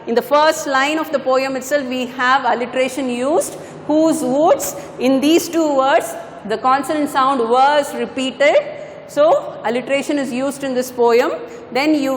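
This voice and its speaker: High-voiced woman lecturing in an echoey room. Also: slight background noise. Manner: patient, repeats points, corrects herself. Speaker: English teacher. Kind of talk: classroom lecture on poetry. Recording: echoey room with long reverb.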